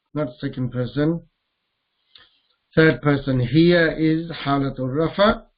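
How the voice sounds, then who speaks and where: A man teaching Arabic grammar in a lesson, slowly repeating terms and putting questions to his students. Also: mid-range voice, highs cut off. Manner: slow, deliberate, repeats terms and quizzes students. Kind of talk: live online grammar lesson.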